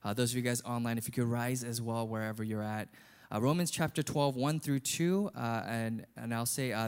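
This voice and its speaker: Male pastor, conversational sermon delivery, mid-range pitch. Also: fairly even intonation, normal speed, clean tone. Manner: earnest, conversational preaching.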